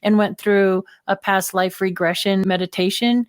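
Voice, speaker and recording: A woman's voice: medium pitch, level tone, normal speed, clean tone, no room sound. Female co-host, conversational and thoughtful, mid-range voice, dead-dry sound. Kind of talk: interview hosting.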